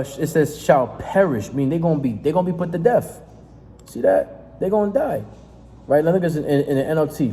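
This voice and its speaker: A man preaching in a fiery, confrontational sermon, reading scripture aloud and breaking off into profane, emphatic asides with a steady "right?". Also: fairly high pitch. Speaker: street preacher. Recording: reverberant space with faint noise.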